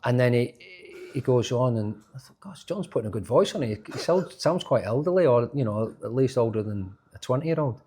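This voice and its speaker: A man, a former footballer telling animated stories in an interview, often restarting his sentences. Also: mid-range voice, brisk, few pauses, slightly rough. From Yorkshire, England. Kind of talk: casual interview storytelling.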